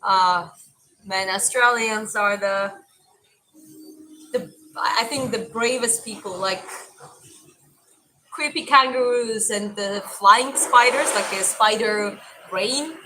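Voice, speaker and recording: A woman's voice: mid-range voice, slow, long pauses, background noise. A young woman with a mild Eastern European accent, chatting casually as a stream host and answering viewer comments. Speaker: livestream host and boxing coach.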